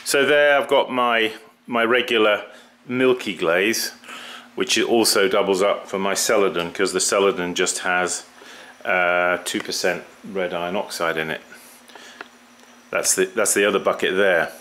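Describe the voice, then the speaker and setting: Bright-toned man demonstrating pottery glazing. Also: deep voice, steady tone. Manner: halting, repeats words, talks while working. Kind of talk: casual workshop demonstration.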